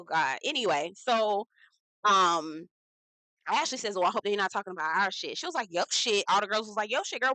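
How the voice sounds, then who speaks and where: A woman hosting a casual reality TV recap, talking in a sassy, profane, animated way and acting out the quotes herself. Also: medium pitch, dry recording, rough recording.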